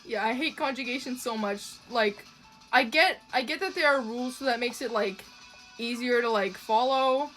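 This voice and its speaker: A young woman from Canada talks casually to her stream chat while drawing, her voice sitting a little high. She rambles, swears freely and laughs easily, with faint music playing underneath. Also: normal speed, a bit bright. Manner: chatty, profane, laughs often, trails off with ums. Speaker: livestreamer drawing and reading chat.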